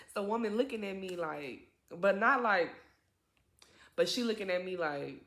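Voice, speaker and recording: A young woman telling a personal story in casual chat, animated and profane, jumping into higher voices to act out what others said. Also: a little slow, reverberant. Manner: animated, profane, acts out quotes in raised voices. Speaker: vlogger.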